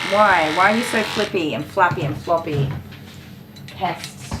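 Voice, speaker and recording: A middle-aged woman who works as a dog groomer and chats casually while she works. She is dry and sarcastic, laughs often, and gently scolds the dog on the table. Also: fairly low pitch, measured pace. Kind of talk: casual chat while working. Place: grooming salon indoors. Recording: echoey room with clipper noise. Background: electric clippers buzzing.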